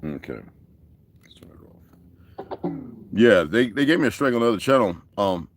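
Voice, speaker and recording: A man's voice: lowish voice, sing-song, normal speed, pauses often, a little hiss or hum. A man hosting a casual livestream, ranting at his viewers in a profane, confrontational way. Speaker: livestream host.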